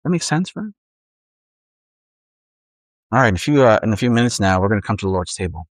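A man's voice: lowish voice, big pitch swings, brisk, no echo, rough recording. A man preaching a sermon as pastor in a conversational way, often acting out inner voices and restarting his phrases.

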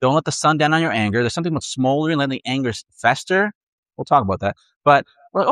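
A man preaching in an earnest, conversational way, acting out what people tell themselves. His voice sits at a middle pitch. The sound is dry and close, with no room around it. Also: fast, fairly bright tone, dry recording. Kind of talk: sermon.

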